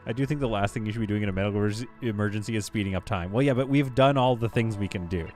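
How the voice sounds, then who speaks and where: A man's voice: lowish voice, racing, darkish tone, soft background music. Chatty male game streamer. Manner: chatty, laughing often, reads chat aloud. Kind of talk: live game streaming, reading chat.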